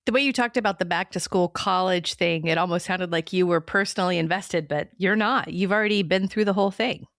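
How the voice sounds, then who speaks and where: A woman's voice: fairly low pitch, a little fast, fairly bright tone, no room sound, studio quality. A middle-aged woman from Tulsa co-hosting a podcast, chatty and playful with a teasing streak. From Tulsa, Oklahoma, US. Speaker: podcast co-host. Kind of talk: casual podcast chat.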